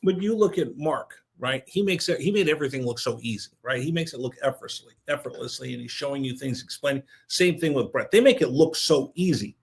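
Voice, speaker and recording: A man hosting a podcast interview, an animated storyteller who acts out the quotes in his anecdotes. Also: medium pitch, brisk, creaky, hardly any pauses. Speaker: podcast host, executive producer.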